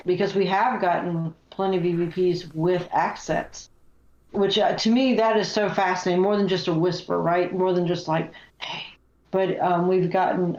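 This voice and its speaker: An American woman, a guest paranormal investigator, telling stories in casual chat and acting out the voices she heard. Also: fairly low pitch. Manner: animated storyteller, acts out voices. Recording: echoey, dull lo-fi sound.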